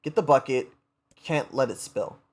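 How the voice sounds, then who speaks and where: A man voicing a stubborn, gruff old grandmother while reading a story aloud. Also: medium pitch, expressive, unhurried. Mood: weary.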